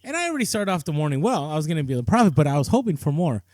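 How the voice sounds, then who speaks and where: A man's voice: on the high side, sing-song, very fast, darkish tone, no room sound. A man co-hosting a podcast, telling a story in a loose, chatty way with lots of fillers and restarts. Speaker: podcast co-host. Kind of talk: casual storytelling chat.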